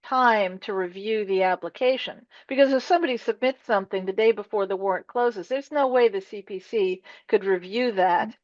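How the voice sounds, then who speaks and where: Quick-talking woman on dull, dry audio. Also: medium pitch, no room sound. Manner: quick, talks over others to make her point. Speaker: committee member. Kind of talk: committee meeting discussion.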